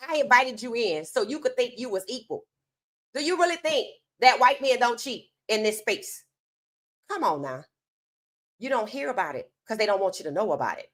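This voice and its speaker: A woman's voice: medium pitch, a bit bright. A woman hosting an opinionated sports commentary monologue. She talks casually and emphatically, firing rhetorical questions straight at her viewers. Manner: casual informal speech.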